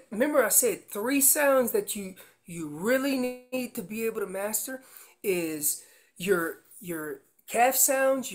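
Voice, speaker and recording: A man giving a hands-on lesson as a guest instructor, explaining elk calls step by step with emphatic, animated delivery. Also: sits high. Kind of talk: instructional demonstration.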